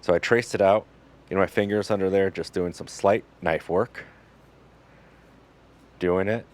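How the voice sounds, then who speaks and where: With a deep voice and a measured pace, a butcher walks through his cuts step by step in a casual, instructional way. He keeps things relaxed and jokey, using plenty of fillers.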